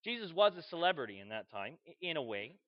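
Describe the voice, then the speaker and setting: Lively, high-voiced male preacher. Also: quick pace, lo-fi sound. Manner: animated storytelling, acts out voices and shouts. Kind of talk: sermon.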